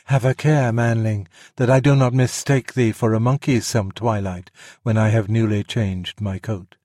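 A man voicing a great old python in a storybook reading, speaking slowly and low. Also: fairly even intonation, dry recording, clean studio sound, lightly acted. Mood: sly. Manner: slow, low and hushed.

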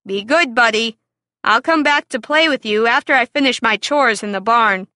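A woman's voice: on the high side, normal speed, sharp tone, no room sound, studio quality. A woman doing an easygoing teasing farm boy. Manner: offhand, teasing.

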